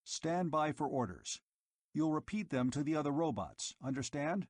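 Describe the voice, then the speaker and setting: A male narrator doing a stern elderly keeper barking orders at robots, curt and quick to anger. The voice is husky and dry, with lively swings in pitch. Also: no echo. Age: older. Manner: snapping, angry commands.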